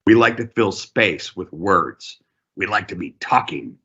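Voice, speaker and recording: A male trainer teaching a real estate negotiation class, deliberate and emphatic in his coaching. His voice is low, forceful and husky. The recording is dull and lo-fi. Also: lively intonation.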